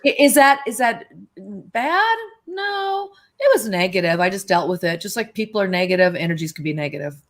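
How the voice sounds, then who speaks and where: A woman guest on a live-stream chat, telling stories in a lively, chatty way and acting out the voices in them. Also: lowish voice, fairly quick. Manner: animated storyteller, acts out quoted dialogue. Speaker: guest medium.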